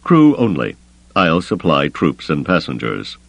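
A man voicing a calm, calculating male grand admiral who speaks in a smooth, measured way, in an audiobook reading. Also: extremely low pitch, no echo, exaggerated voice. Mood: commanding.

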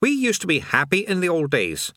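A man's voice: high voice, wildly swooping pitch, a little fast, pushed and bright, dry recording, studio quality, pitched above the performer's own voice, exaggerated voice. A man voicing a sullen, grumbling, sentimental male demon of hell in an audiobook. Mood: sullen nostalgic. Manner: sullen, indignant, gossipy.

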